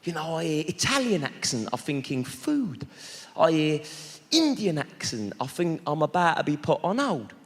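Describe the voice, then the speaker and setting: This male stand-up from London banters brashly with a large theatre audience, mock-welcoming them as part of his crowd work. His sing-song voice is on the high side at normal speed. The big hall echoes with a loud crowd, laughter and a noisy background.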